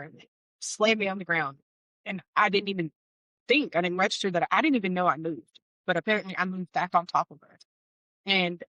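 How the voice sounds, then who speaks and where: A woman's voice: lowish voice, bright, forceful tone, no echo, rough recording. A woman telling her personal testimony as an interview guest, candid and heartfelt, with wry asides. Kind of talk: emotional personal storytelling.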